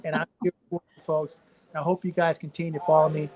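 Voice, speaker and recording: A man's voice: a little high, level tone, fast talker, a little mellow. An older man with a Louisiana Southern accent, a physician guest speaking in a folksy, preachy way and addressing listeners as folks. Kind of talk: live-stream discussion.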